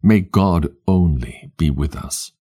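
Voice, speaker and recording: A man's voice: sits low, slow, mellow, husky, full character voice. A man reading the reply of a group of grown brothers who promise to obey their father. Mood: dutiful. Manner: dutiful, pledging. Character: the sons of Jacob answering their father together.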